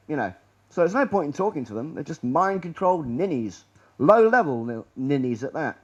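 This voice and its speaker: In a lecture room, a sardonic male presenter rambles through a public presentation, trailing off quietly. His voice is a little high, sing-song, brisk and slightly rough, and the audio sounds dull.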